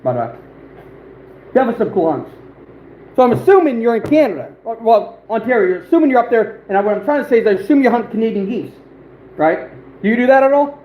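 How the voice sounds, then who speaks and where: A man's voice: very high voice, big pitch swings, fast talker, long pauses, highs cut off. A man hosting an outdoors livestream, chatting casually and rambling with many fillers as he talks to viewers. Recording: roomy echo, faint background noise.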